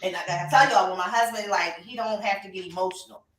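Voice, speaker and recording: A woman's voice: mid-range voice, quick pace, a bit bright, a little hiss or hum. A woman co-hosting a podcast, talking emphatically and animatedly with laughs. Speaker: podcast co-host and reptile breeder. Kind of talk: casual chat. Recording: roomy, distant from the mic.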